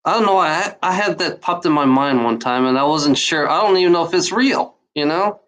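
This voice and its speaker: A woman from Germany giving an emotional unscripted monologue, out of breath and talking in halting, restarting bursts. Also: low voice, animated. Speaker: channel host.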